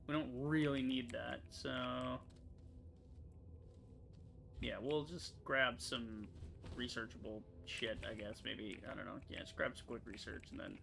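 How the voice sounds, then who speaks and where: A man's voice: mid-range voice, fairly even intonation, vocal fry, fairly bright tone, a little hiss or hum. A young man, a gaming streamer, giving casual let's-play commentary, muttering to himself and cursing when the game annoys him. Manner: profane, quick to frustration, muttering to himself.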